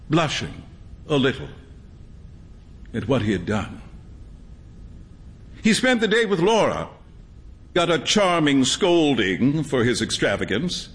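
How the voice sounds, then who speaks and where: A man narrating a storybook reading in an expressive, measured storytelling manner. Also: mid-range voice. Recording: long hall reverb.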